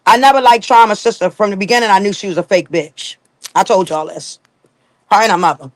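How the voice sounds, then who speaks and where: A woman's voice: medium pitch, brisk, dry recording. A young woman in casual gossip chat, blunt and profane, telling stories at length. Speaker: gossip guest.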